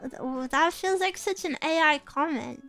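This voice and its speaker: A woman streamer chats casually on a livestream, answering viewer comments playfully with giggles and cutesy exclamations. Her voice sits high, a bit bright and unhurried, with faint music behind her.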